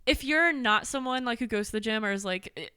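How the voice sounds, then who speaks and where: A woman's voice: a little high, lively intonation, brisk, pushed and bright, smooth, no echo, clean studio sound. A young woman chatting as a podcast guest about fitness, talkative with plenty of fillers and laughter. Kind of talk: casual podcast chat.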